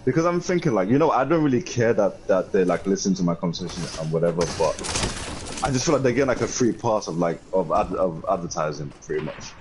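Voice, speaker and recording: Deep-voiced young man rambling fast. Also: expressive, darkish tone. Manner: rambling, lots of "like" fillers. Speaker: podcast co-host. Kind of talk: casual chat. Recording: faint background noise.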